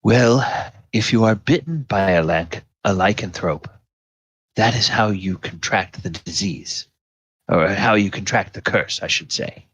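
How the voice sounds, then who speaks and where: A man voicing a kindly older priest who speaks in a gentle, reassuring way. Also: fairly low pitch, animated, measured pace, slightly rough, dry recording, heavily acted. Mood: grave. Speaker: priest character.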